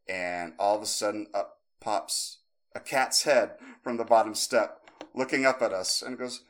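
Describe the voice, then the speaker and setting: A man in his thirties with a lowish voice co-hosts a podcast, telling a long story at an unhurried pace. He rambles with plenty of fillers and restarts, and he's animated, acting out the voices of the people in it.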